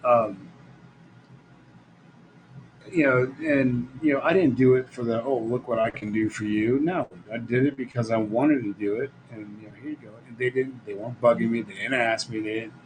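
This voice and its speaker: A middle-aged man talks through a casual live-stream monologue in a blunt, rambling way, laughing often as he goes. His voice sits at an ordinary middle pitch. A faint hiss of background noise runs under it. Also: fairly even intonation, normal speed. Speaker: live show host. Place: Las Vegas.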